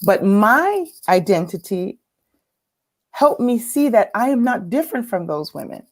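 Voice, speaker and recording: A woman's voice: medium pitch, sing-song, a little slow. A woman from California, telling a personal story as a guest speaker in a reflective, earnest way. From California, United States. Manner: reflective, earnest, with some laughter.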